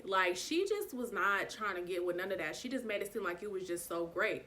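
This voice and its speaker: A young woman telling a storytime vlog, frank and swearing freely, acting out every bit of dialogue with big jumps in pitch. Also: fairly quick, few pauses, a little hiss or hum. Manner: animated retelling, acts out dialogue with pitch jumps.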